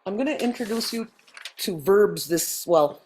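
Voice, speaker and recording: A woman teaching a language class over a video call, explaining step by step with frequent pauses and ums. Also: mid-range voice, lively intonation, a little mellow, a little hiss or hum.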